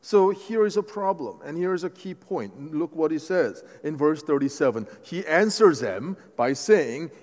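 A man preaching a sermon as pastor, animated and conversational, often restarting his phrases. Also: a little high, normal speed, few pauses. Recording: long hall reverb.

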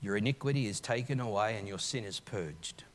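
A man preaching a live church sermon, earnest, moving between quiet reflection and impassioned emphasis, with frequent restarts. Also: on the low side, animated, fairly quick, slight background noise. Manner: frequent restarts and filler uhs. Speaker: pastor. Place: church service.

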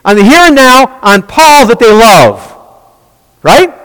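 Male Bible teacher with a very high, animated voice, fond of rhetorical questions and quick restarts. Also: clear, resonant tone, big-room sound, poor audio. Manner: rhetorical questions, answered at once; frequent restarts and repeated words.

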